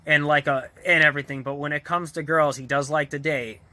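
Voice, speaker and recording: A man's voice: on the high side, steady tone, fairly quick, sharp tone, no echo. A man vlogger casually retelling a TV episode in a rambling way, full of fillers, restarts and small chuckles. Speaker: vlogger reviewing a TV show.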